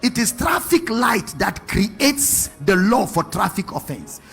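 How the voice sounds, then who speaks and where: Animated high-voiced preacher with gravelly edge. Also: male voice, slow, faint music behind. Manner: animated, rhetorical questions to the congregation. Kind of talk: sermon.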